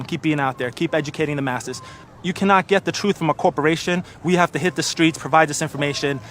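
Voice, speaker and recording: A man's voice: on the high side, a bit bright, a little hiss or hum. Sincere motivational activist man. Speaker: street activist. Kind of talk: interview.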